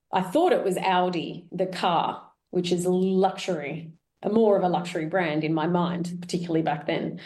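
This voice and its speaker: A woman's voice: on the low side, a little mellow. A middle-aged woman hosting a reflective solo podcast, candid and chatty, laughing at herself now and then. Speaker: podcast host.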